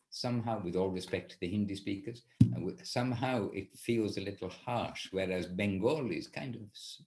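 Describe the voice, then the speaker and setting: A man teaching an informal class, talking in a rambling way and often correcting himself. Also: lowish voice. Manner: rambling, self-correcting, with restarts. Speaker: spiritual teacher leading a class.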